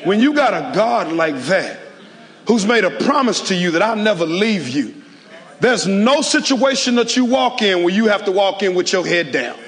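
Man, pastor, sermon, high-pitched, call-and-response, soft to shouting, long reverb. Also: sing-song, moderate pace. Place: large auditorium.

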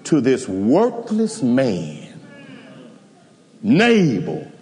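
A man acting out a humble woman begging for mercy, her words low, soft and drawn out. A long hall reverb hangs on every phrase. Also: wildly swooping pitch, heavily acted. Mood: pleading. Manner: low, soft, slow and pleading. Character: humble pleading wise woman, grown.

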